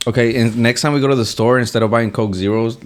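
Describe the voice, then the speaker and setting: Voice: medium pitch, steady tone, quick pace. A podcast co-host in casual chat who switches between English and Spanish mid-sentence.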